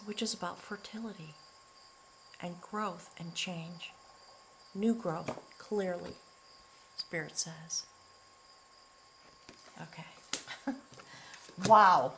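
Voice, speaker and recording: A middle-aged woman giving a spiritual tarot reading, earnest and emotional, slowly drawing out her words and sometimes dropping to a near whisper. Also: lowish voice, a little hiss or hum, rough recording. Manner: earnest and emotional, often choked up, breaking into soft laughs; slow, drawn-out delivery with soft near-whispered words. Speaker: tarot reader.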